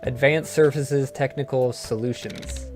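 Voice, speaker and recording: Guy doing a dry hard-boiled ghost detective, middle pitch, little game music behind. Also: steady tone, measured pace, natural voice. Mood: wry.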